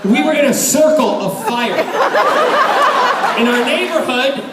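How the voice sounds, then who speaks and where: A man telling a comic story at a convention panel, theatrical and loud, often laughing. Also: extremely high pitch, expressive, measured pace, very noisy. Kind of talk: live storytelling on stage. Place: large convention hall. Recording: echoey hall, far mic, loud crowd.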